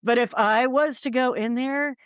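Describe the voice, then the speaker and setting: A woman's voice: high-pitched, steady tone, moderate pace, smooth, dry recording, clean studio sound. A woman who investigates the paranormal, a podcast guest telling a story in a rambling, casual way with many ums and likes.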